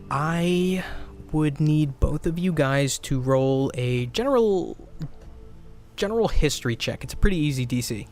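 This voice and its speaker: A man narrating a tabletop game as its game master. He describes scenes in a loose, conversational way, stopping for fillers and asking players to roll. Faint music plays behind him. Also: on the high side.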